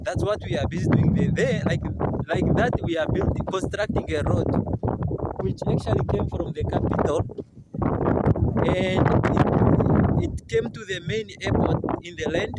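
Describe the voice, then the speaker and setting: A man's voice: sits high, a little slow. Chatty man, wind roaring on mic. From Namibia. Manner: rambling, chatty, laughs often, talks to camera. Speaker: vlogger. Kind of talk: casual walking vlog. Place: outdoors, open rural land. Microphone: handheld camera. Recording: heavy wind noise on mic.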